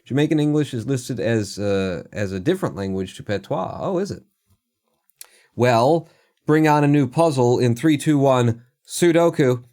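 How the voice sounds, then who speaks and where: A man's voice: medium pitch, expressive, normal speed, a little mellow. A man live-streaming a number puzzle, thinking aloud and muttering numbers to himself with self-deprecating asides. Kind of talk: casual thinking aloud while playing a puzzle game.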